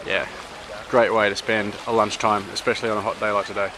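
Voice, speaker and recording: A man's voice: lowish voice, level tone, fast talker, background noise. A man from Sydney with an Australian accent, chatting upbeat to camera on a travel vlog, outdoors by a river. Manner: chatty and upbeat, with slangy asides. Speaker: travel vlogger. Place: outdoors by a river on a hot day.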